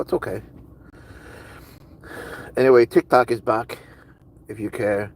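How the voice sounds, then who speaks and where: A man's voice: lowish voice, a little hiss or hum, rough recording. A man streaming live, casually chatting with viewers and answering their comments in a rambling, curious way.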